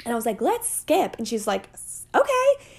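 High-voiced animated woman podcaster. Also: fairly quick, gravelly, husky. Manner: animated, chatty, playful with swearing and asides. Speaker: podcast host. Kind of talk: casual motivational podcast talk.

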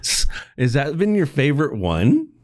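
A man's voice: fairly high pitch, very animated, moderate pace, no room sound, studio quality. A man co-hosting a casual podcast, firing off curious follow-up questions and laughing along. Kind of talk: casual chat.

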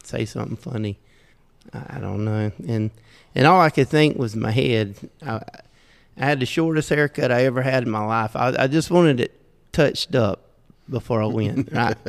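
A man's voice: medium pitch, moderate pace, vocal fry. A middle-aged man from Southeast Georgia with a Southern accent, telling folksy, self-deprecating stories in casual talk and chuckling often. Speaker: podcast guest. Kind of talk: casual storytelling. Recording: roomy with long reverb.

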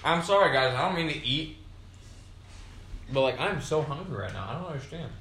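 A young man talks on his podcast with a bright, forward tone, loose and a little tipsy from beer. He meanders through his thoughts, swears freely and leans on fillers. The room gives his voice a noticeable echo. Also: on the high side, expressive, fairly quick. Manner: profane, meandering, frequent fillers. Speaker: podcast host. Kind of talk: rambling casual monologue. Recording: roomy echo.

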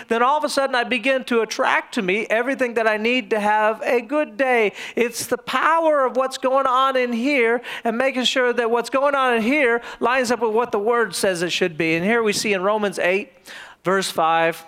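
A man preaching a sermon as pastor, telling lively, humorous stories. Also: extremely high pitch, brisk, smooth.

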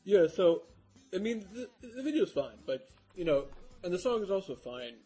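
A man co-hosting a podcast, recounting in a relaxed, rambling casual chat. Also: high voice, moderate pace, breathy edge, faint music behind, low-quality recording. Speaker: podcast co-host.

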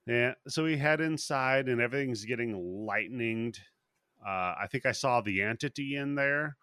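A man's voice: medium pitch, moderate pace, bright, forceful tone, clean tone, dry recording, clean studio sound. A man hosting a podcast, casually recapping a movie plot in a rambling, profane way. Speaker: podcast host.

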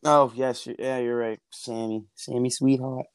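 A man's voice: mid-range voice, flat delivery, normal speed, a crowd in the background. Chatty man from New Jersey on earbuds. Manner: storytelling, restarts, laughs easily. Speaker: podcast guest. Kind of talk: casual chat. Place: outdoor backyard barbecue.

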